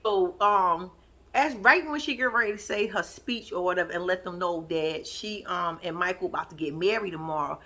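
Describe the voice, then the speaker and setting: A woman hosting a casual recap commentary, talking in an animated, profane way and laughing often. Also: fairly low pitch, normal speed. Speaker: host.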